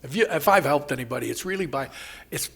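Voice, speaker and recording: A man sharing his recovery story at a meeting, rambling and interrupting himself, laughing at his own jokes and acting out quoted voices loudly. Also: medium pitch, expressive, fast talker, creaky, breathy edge. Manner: acts out quoted voices with sudden loud jumps. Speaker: AA speaker.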